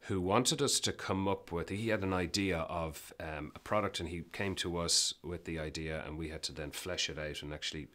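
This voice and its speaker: A man interviewed as a business guest, telling emphatic, animated anecdotes with frequent restarts in casual conversation. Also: low voice, normal speed, hardly any pauses.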